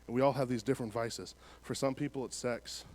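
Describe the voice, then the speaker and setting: Man, preacher, mid-pitched voice, sermon in a church, conversational, shifts between soft and loud. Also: steady tone, a little fast. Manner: reads scripture aloud, then preaches in a casual, conversational way; swings between soft, low passages and louder emphatic ones.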